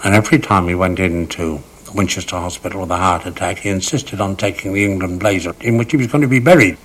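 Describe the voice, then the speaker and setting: A cricket raconteur with a deep, slightly bright voice talks fast, though the audio is poor. Recalling old cricket memories as anecdotes, this older man spins dramatic, vivid stories and draws out words to stress them.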